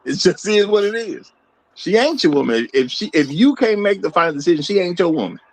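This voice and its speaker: A man's voice: high-pitched, animated, a little fast, no room sound, low-quality recording. A man hosting a live online debate show, firm and emphatic, repeating his key points. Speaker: show host. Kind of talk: live stream debate and super chat reading.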